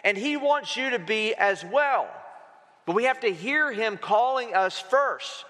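A man with a high, bright voice preaches to his church in a loose, conversational way. He jokes and calls on the congregation to answer back. His voice rings with a long hall reverb. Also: expressive, a little slow. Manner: conversational, playful preaching with call-and-response. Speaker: pastor. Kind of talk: sermon. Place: church sanctuary.

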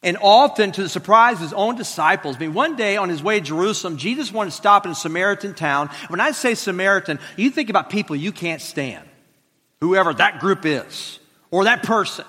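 A man delivers a sermon in a high, bright voice that rings out through a large hall with a long reverb. He tells stories, acts out the dialogue and drops in joking asides. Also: expressive, brisk, breathy edge. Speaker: pastor.

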